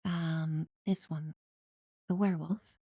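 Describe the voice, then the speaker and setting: A woman's voice: low voice, steady tone, slow pace, breathy edge, no echo, studio quality. A woman streamer chatting casually during live gameplay, thanking new followers and talking about her community. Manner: friendly, thanks followers warmly, many fillers.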